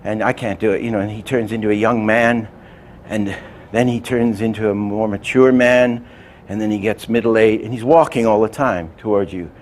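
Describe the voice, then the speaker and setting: A man giving an animation lecture, telling anecdotes and acting out examples, often trailing off into quiet asides. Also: on the low side, steady tone, moderate pace, a little hiss or hum. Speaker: animation teacher.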